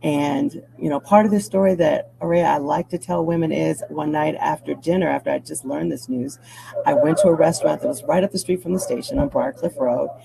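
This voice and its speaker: A middle-aged woman from Chicago, a news anchor, telling a personal story as an interview guest in a reflective, animated way. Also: deep voice, fairly quick, vocal fry, noisy background. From Chicago, USA.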